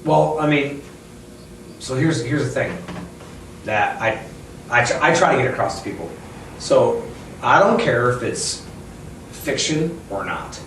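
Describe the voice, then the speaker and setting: A man who owns a bookstore, chatting casually in an interview, rambling and animated as he tells stories. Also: medium pitch, measured pace, long pauses, slight background noise. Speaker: bookstore owner and author. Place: inside his bookstore. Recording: echoey room, mic at a distance.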